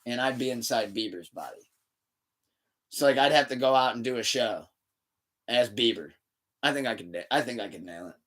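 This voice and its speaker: Animated, bright-voiced male podcast host. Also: mid-range voice, moderate pace, pauses often. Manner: animated, laughing storyteller who swears often. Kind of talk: casual podcast chat.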